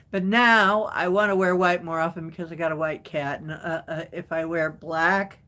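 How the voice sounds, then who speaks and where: Her voice sits lowish, steady in tone yet pushed and bright, as she hosts a laid-back live stream. She answers viewer comments without hurry and laughs a lot.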